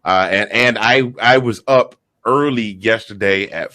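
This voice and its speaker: Tired, excited man in his fifties, dry sound. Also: lowish voice, a little slow, no room sound. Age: 50s. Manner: animated storyteller, stumbling restarts. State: short of sleep. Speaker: guest. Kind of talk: excited sports chat.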